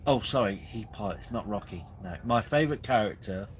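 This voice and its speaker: A man in his forties chats loosely on a live stream from his tent, drifting off topic and laughing at himself. His voice sits on the low side. A faint hum of noise runs behind him. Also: animated, fairly quick. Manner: rambling, chatty, self-deprecating. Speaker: camping channel host. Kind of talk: casual live-stream chat. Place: camping tent.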